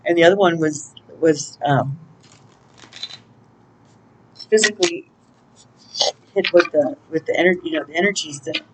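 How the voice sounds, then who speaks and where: A woman's voice: low-pitched, moderate pace, background noise. A woman giving a casual spiritual oracle reading, chatty and laughing often as she greets angels aloud. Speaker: intuitive oracle card reader.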